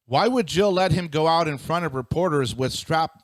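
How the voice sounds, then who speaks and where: A man co-hosting a talk show, answering the host in a measured way with fillers. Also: fairly high pitch, expressive, no room sound. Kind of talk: casual talk show banter.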